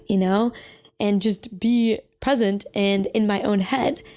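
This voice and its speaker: A woman's voice: medium pitch, steady tone, measured pace, darkish tone. A young woman hosting a casual advice podcast, chatty and reflective, giving reassuring advice with frequent filler words. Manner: chatty and reflective, with frequent "you know" and self-corrections. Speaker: podcast host.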